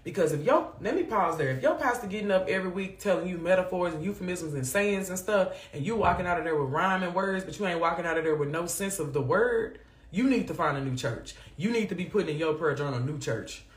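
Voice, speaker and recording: Lively woman hosting a faith talk. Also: on the low side, fast. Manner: animated, preachy Southern-flavored vernacular. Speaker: host of a faith livestream. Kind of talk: casual faith talk to viewers. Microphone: phone or webcam on a live stream. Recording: echoey room.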